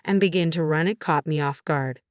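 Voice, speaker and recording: A low-voiced woman tells a first-person story in a plain, even reading voice. The sound is dry and close, with no room echo at all. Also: fairly quick, smooth. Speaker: story narrator.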